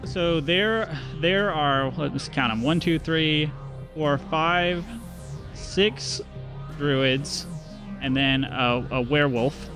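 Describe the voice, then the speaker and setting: A young man narrating a tabletop game as game master, relaxed and rambling. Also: a little high, extremely slow, over music. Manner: relaxed, rambling, many fillers and restarts.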